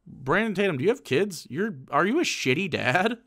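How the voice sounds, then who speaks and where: Animated, sarcastic male streamer. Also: high voice, normal speed. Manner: sarcastic, profane, animated rants. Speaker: streamer reacting to a political clip. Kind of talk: live stream commentary.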